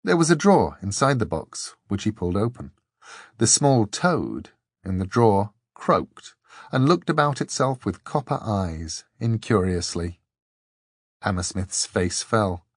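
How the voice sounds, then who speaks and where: Low voiced guy reading an audiobook, slow, dry close mic. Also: no room sound. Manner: measured, expressive. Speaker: audiobook narrator. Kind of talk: audiobook narration.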